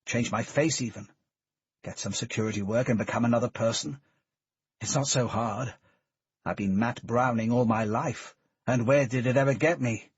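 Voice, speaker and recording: A man playing a desperate ex-soldier in his thirties, brooding and blunt. His husky voice stays close to the reader's own. The recording is dry and a little muffled. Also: medium pitch, no echo. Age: 30s. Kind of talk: audiobook character voice. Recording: dull, dry studio recording.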